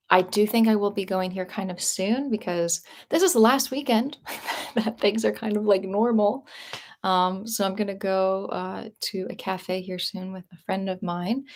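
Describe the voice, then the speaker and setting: A young woman vlogger chatting casually with her live viewers, upbeat and full of fillers and restarts, her throat a little sore. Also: medium pitch. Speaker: vlogger answering live chat. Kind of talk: casual live-stream chat.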